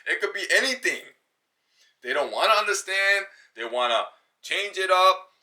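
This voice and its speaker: New York man, vlogger monologue, slangy and animated, bright raised voice. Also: high-pitched. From New York City. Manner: animated, slangy, quick bursts with mimicked voices. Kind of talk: casual monologue to camera.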